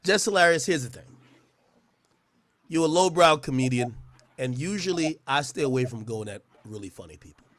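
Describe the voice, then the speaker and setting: A man's voice: mid-range voice, expressive, normal speed, pauses often, fairly bright tone, no room sound. A man delivering a profane, mocking roast rant, often stammering and restarting his words. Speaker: internet personality. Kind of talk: trash-talking roast rant.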